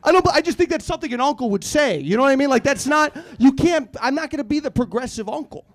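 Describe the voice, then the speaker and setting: A man's voice: extremely high pitch, lively intonation, fast talker. A man in his thirties doing a rambling stand-up comedy set, self-deprecating and acting out the people he quotes. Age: 30s. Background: audience laughter.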